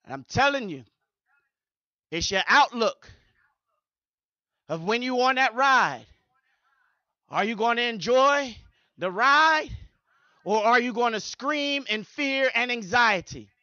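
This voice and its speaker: A man's voice: extremely high pitch, animated, slow, pauses often, sharp tone, no echo, dull audio. A man preaching a sermon as pastor, building rhythmic repeated phrases.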